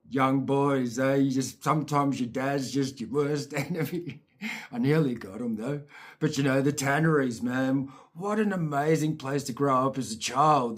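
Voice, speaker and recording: A man's voice: medium pitch, fairly bright tone. A man telling a rambling, profane childhood story in a casual, chatty way.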